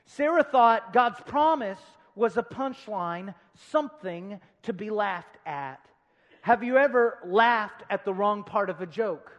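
A man preaching a sermon as pastor, swinging between loud emphasis and quiet asides, with humorous storytelling. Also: high voice, expressive, measured pace. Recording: long reverb of a large hall.

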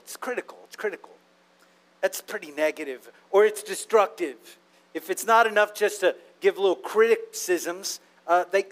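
A man's voice: high voice, a bit bright. A man preaching a sermon in a conversational, playful way, often asking the congregation questions.

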